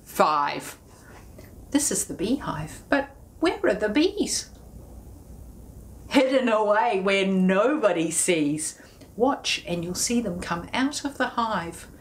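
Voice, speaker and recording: A woman leading a children's music session, talking and singing in a playful sing-song way, sometimes dropping to a hushed whisper. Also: medium pitch, big pitch swings, slow pace, long pauses, slight background noise.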